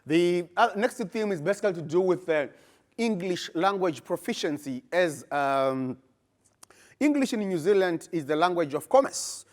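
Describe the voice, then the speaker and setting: Animated Zimbabwean man giving a talk. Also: high voice, normal speed. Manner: animated, emphatic, rising to bursts when making points. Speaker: research presenter. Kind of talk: conference talk.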